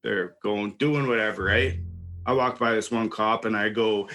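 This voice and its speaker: A man's voice: lowish voice, fairly even intonation, moderate pace, sharp tone, faint music behind. A young man telling a wild story in casual chat, swearing, laughing and acting out what people said. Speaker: podcast host telling a story.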